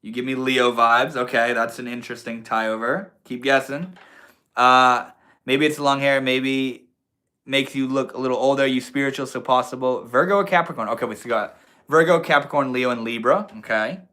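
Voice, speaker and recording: A man's voice: medium pitch, steady tone, normal speed, pushed and bright. A young man live streaming from his room, chatting casually and slangily with his viewers and reading their messages aloud. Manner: laid-back, slangy, reads chat aloud. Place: indoors at a computer.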